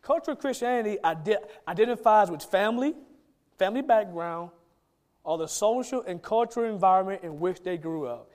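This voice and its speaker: High-voiced preacher. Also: male voice, expressive, fairly quick, a little mellow. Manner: emphatic, conversational preaching with acted quotes. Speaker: pastor. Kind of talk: sermon.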